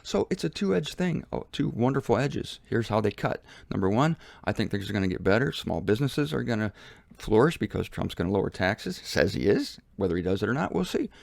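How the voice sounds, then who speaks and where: A man hosting his own show, giving a casual commentary from a laundry room in an animated, mocking way, swinging from low mutters to high exclamations. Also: brisk, gravelly, no room sound, clean studio sound. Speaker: Bible teacher and show host. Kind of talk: casual self-filmed commentary.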